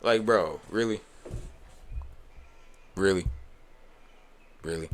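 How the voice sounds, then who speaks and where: A man giving profane reaction commentary, heated and swearing, with sudden loud outbursts. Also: fairly low pitch, unhurried, long pauses.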